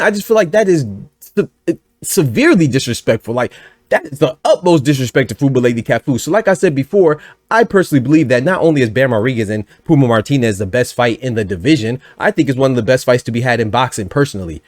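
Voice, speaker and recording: An energetic man talks boxing news in casual, rambling commentary, tossing in asides and bursts of laughter. His voice sits at an ordinary pitch. The sound is close and dry. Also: fast talker, no echo. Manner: energetic, chatty, full of asides and sudden laughter.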